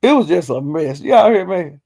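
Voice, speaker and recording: Gravelly high-voiced man telling gossip. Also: normal speed. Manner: animated, laughs often, loose slangy talk. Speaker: vlogger recapping a livestream. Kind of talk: casual storytelling recap.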